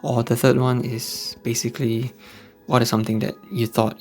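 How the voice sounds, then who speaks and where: Soft-spoken Singaporean man, gravelly voice. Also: medium pitch, level tone, moderate pace. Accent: Singaporean English. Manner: speaks softly with a hushed indoor voice. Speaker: host of a faith-based channel for men. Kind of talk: casual motivational vlog talk. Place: at home indoors late at night. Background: faint background music.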